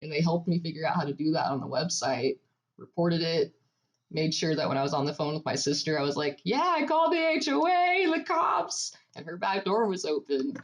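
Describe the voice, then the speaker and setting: A woman's voice: deep voice, fairly quick. A young woman co-hosting a podcast, telling a story in casual chat with frequent laughs. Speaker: podcast co-host.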